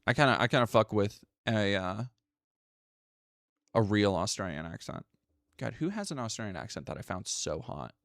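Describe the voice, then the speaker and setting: A man's voice: fairly low pitch, big pitch swings, moderate pace, pauses often, fairly bright tone, dry recording, clean studio sound. A man streaming live, reading news articles aloud and breaking off into profane, sarcastic asides while thanking chat.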